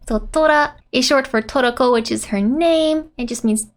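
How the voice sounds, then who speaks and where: A woman's voice: high voice, normal speed. A woman giving a casual language lesson, often laughing and playfully reading out lines from a comic. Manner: giggly, reads out character lines with playful voices. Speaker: Japanese teacher.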